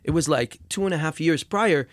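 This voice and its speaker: A young man talking as a musician guest in a casual interview, telling his story with lots of swearing and repeated words, and getting loud when angry. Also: on the high side, fairly quick, dry recording.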